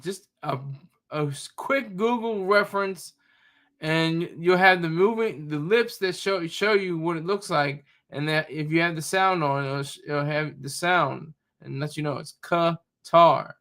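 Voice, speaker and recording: Brief: male commentator, somewhat high and gravelly, bright tone, rambling and sarcastic. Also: takes it slowly. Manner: rambling, searching for words, sarcastic. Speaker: commentary streamer. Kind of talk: casual reaction commentary.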